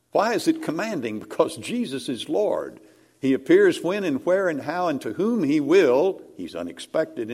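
A man preaches dramatically, building to loud climaxes and then dropping to near-whispers. He phrases things slowly and emphatically in a mid-range voice.

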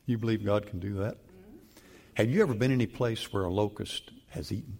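An older man preaching a sermon, slow and emphatic, with sudden loud stresses on key words. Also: fairly low pitch. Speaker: pastor.

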